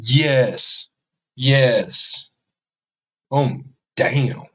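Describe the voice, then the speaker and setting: A man's voice: medium pitch, drawn-out words, a bit bright. A man reacting to a story video, swearing freely and laughing as he comments. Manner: profane, laughing, emphatic asides.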